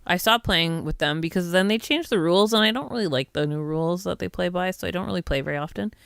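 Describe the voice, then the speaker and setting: A woman's voice: lowish voice, fast talker, creaky, a bit bright, clear, resonant tone, dry recording, clean studio sound. A woman co-hosting a podcast in casual chat, rambling and loose, with some swearing. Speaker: podcast co-host.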